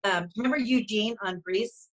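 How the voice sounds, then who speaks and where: A woman co-hosting a talk show, telling fan stories in a gushing, animated way. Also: mid-range voice, moderate pace, highs cut off. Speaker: co-host. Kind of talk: casual chat.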